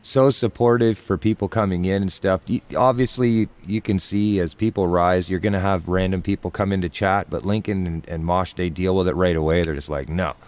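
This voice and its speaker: A man with a deep, low voice tells a rambling, filler-heavy story in casual stream chat. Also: steady tone, brisk, hardly any pauses, a little mellow. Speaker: musician and regular on a live stream chat.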